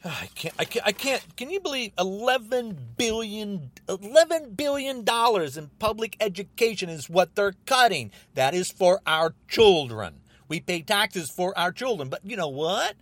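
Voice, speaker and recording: An angry man hosting his own podcast, ranting about politics in an agitated, repetitive way, often rising almost to a shout. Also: high voice, sing-song, moderate pace, hardly any pauses, no room sound. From United States. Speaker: podcast host.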